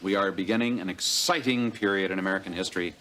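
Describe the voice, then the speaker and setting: An actor playing a calm, dry-humored high school teacher in sitcom acting. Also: male voice, fast talker. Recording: sitcom track with loud hiss.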